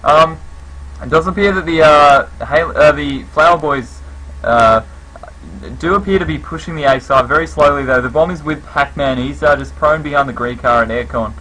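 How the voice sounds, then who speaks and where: A man's voice: on the high side, moderate pace, sharp tone, slight background noise, rough recording. A man giving casual live play-by-play commentary on a competitive shooter match, with lots of fillers. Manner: casual, filler-heavy, conversational. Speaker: esports commentator.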